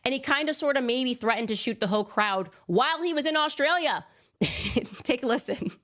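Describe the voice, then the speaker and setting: A woman's voice: high-pitched, lively intonation, normal speed, a bit bright. A woman hosting a sarcastic, mock-incredulous commentary monologue. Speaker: commentator host.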